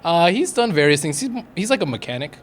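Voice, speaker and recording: A man's voice: fairly high pitch, fast, slight background noise. A young man from Atlanta in his twenties, a guest chatting casually and teasing his interviewer. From Atlanta, United States. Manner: relaxed, teasing banter. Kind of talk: casual chat.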